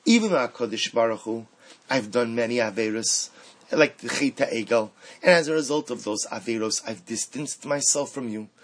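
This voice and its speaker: A man teaching a Torah lesson, mixing Hebrew quotes into animated rhetorical questions. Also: medium pitch, normal speed, poor audio. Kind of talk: Torah class on the weekly portion.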